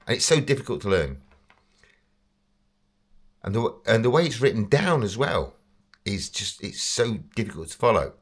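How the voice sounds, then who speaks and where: A man's voice: on the low side, very animated, normal speed, long pauses, husky. An English man telling a casual, rambling story about himself, chatty and self-deprecating, often breaking into laughter. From England. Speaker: vlogger.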